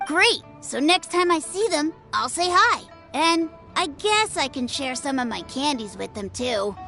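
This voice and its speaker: A woman voicing an eager, easily flattered young girl who fancies herself a sword master, in video game dialogue. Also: sits high, measured pace, soft background music, full character voice. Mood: chatty. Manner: bouncy, excited, easily flattered.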